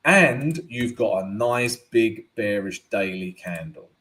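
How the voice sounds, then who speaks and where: A man's voice: lowish voice, lively intonation, takes it slowly, fairly bright tone. A man hosting a live forex analysis stream, chatty and tagging most points with "right?". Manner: chatty, keeps adding "right?". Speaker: forex trading host.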